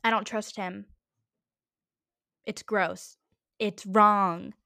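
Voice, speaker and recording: A woman's voice: medium pitch, flat delivery, drawn-out words, vocal fry, pushed and bright, no room sound, clean studio sound. A woman hosting her own podcast, talking in a chatty, rambling, jokey way. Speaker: podcast host. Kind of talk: casual rambling podcast monologue.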